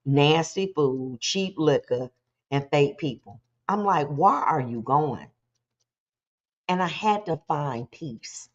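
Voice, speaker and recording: A woman hosting a motivational talk show, preaching in an animated, conversational way and slipping into quick voices to act things out. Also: sits low, highs cut off.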